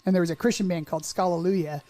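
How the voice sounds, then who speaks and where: Joking, slightly higher-voiced man. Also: fairly even intonation, dark tone. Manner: rambling, jokey, quick to put on silly voices. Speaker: podcast co-host. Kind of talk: casual chat.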